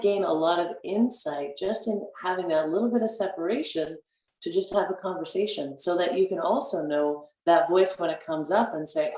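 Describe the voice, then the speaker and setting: A playful woman guest talking casually on a radio show, acting out little inner voices. Her voice is low and mellow. She sounds distant from the mic, in a roomy, echoey space. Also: moderate pace. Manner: playful, acts out inner voices with big pitch jumps.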